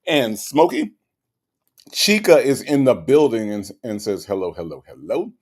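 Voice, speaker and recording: Reading out comments and calling viewers by name, this man hosts a casual livestream, drifting from quiet mumbling to abrupt loud outbursts. He has a husky, medium-pitched voice and an unhurried pace.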